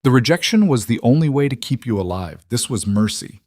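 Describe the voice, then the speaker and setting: A man's voice: mid-range voice, lively intonation, brisk, darkish tone, no echo. A man voicing a young alpha king who pleads earnestly to be let in, in an audiobook story. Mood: pleading.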